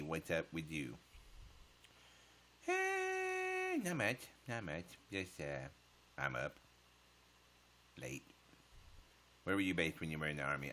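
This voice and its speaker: A man's voice: a bass voice, bright, forceful tone. A man chatting casually on a livestream, answering viewer comments with profane smart-aleck jokes.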